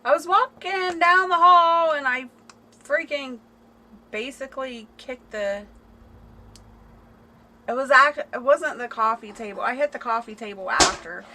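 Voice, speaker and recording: A woman's voice: high voice, measured pace, long pauses, sharp tone, rough recording. A woman chatting casually on a home livestream, laughing and reading viewer comments aloud. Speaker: livestream host. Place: home, indoors. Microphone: phone camera.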